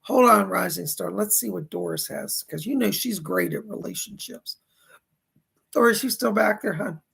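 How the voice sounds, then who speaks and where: This psychic medium's voice is high-pitched, fairly bright and hoarse, moving at a normal speed with the odd cough. Live on stream, he reads out donations and questions from viewers and conveys spirit messages, repeating "he said" often.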